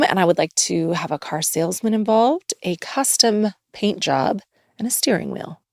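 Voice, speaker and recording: A woman's voice: mid-range voice, creaky, no room sound, clean studio sound. A woman hosting a comedy podcast, giggly and bubbly as she sets tasks and reacts to her guests. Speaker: podcast host. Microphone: studio podcast mic.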